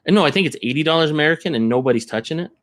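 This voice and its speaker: A man's voice: fairly high pitch, animated, racing, a bit bright, dry recording. A man rambling in casual live-stream chat, thinking aloud as he browses card listings. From Canada.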